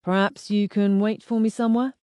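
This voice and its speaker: A woman reading the part of a calm, steady male police inspector who speaks in a measured, formal way. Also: high-pitched, smooth, no room sound, clean studio sound, voice pushed up, lightly acted. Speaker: detective inspector.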